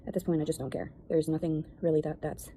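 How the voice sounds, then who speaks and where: A woman's voice: low-pitched, fairly even intonation, fast, warm tone, slight background noise, rough recording. A woman talking in a rambling, defensive monologue about her life and critics. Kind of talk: casual video monologue.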